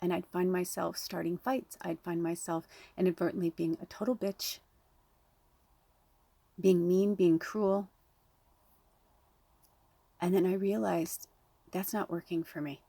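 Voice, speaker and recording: Woman medium, 30s, earnest and blunt, gravelly husky voice, dry close sound. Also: on the low side, fairly even intonation, unhurried, pauses often, dark tone, dry recording. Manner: earnest, heartfelt, blunt with swearing. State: close to tears. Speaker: spiritual medium. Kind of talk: emotional direct-to-camera talk.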